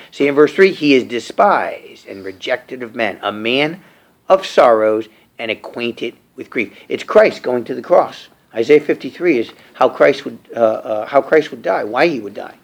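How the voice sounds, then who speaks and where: A middle-aged male preacher teaching a verse-by-verse Bible sermon, reading scripture aloud and then explaining it in plain, halting talk. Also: creaky. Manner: repeats and restarts phrases with fillers; lively, swooping pitch.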